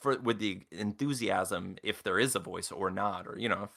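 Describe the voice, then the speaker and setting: A man's voice: lowish voice, moderate pace, vocal fry, a bit bright. A young man as a podcast guest, talking casually and hesitantly with lots of fillers.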